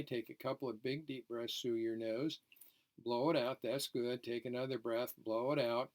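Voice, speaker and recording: A man, a dentist, giving a lecture as folksy stories with frequent fillers. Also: medium pitch. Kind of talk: anecdotal lecture presentation.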